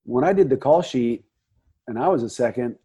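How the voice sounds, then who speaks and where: A middle-aged man who works as a first assistant director, telling set stories as a podcast guest in lively, chatty conversation with frequent restarts. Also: mid-range voice, normal speed, husky. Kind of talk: casual conversation.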